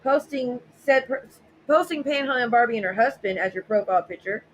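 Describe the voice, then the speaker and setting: A woman hosts a casual livestream, reading viewer messages out loud and answering them bluntly and sarcastically, swearing often. Her voice is on the high side and brisk, and the low-quality recording carries a little hiss or hum.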